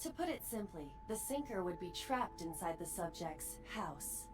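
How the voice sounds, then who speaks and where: A woman's voice: fairly low pitch, animated, normal speed, distant mic, lightly acted. A composed AI assistant voiced by an actress, precise and formal in a mid-range voice. She sounds set back from the mic, with faint game music underneath. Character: female AI assistant, precise and calm. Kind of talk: video game voice acting.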